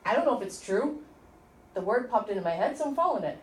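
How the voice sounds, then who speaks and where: A middle-aged woman teaching an informal workshop, chatty and animated as she tells stories to the group. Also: a little high, quick pace. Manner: chatty, storytelling, animated asides. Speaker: tapping instructor. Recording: echoey room from a distant mic.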